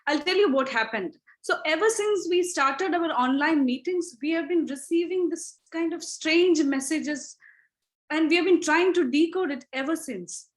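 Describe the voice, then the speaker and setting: High voiced woman running a contest on a video call, lively storyteller vibe. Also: moderate pace, poor audio. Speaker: contest chair. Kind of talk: opening a contest meeting.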